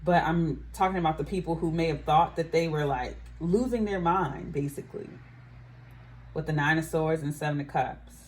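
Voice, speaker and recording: A woman with a low, somewhat dark voice speaks at a normal speed while giving her viewers a casual tarot reading. She's chatty, musing aloud to the camera and repeatedly saying "I feel like."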